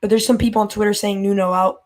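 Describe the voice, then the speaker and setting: A man's voice: high voice, level tone, fast talker. A man calling in to a fan show, ranting in an exasperated way, his voice jumping up when he gets worked up. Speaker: caller.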